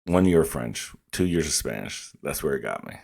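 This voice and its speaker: A man's voice: extremely low pitch, animated, a little fast, creaky, darkish tone. A man with a rural American accent, reacting to a comedy clip in a laid-back, rambling way. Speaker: reaction video host. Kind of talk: casual commentary.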